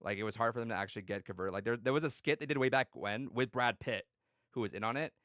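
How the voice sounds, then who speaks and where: A man co-hosting a podcast, telling a story in casual chat, swearing a lot and acting out quotes with loud yelled voices. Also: mid-range voice, fast, no echo, clean studio sound. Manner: swears freely, many fillers. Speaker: podcast co-host.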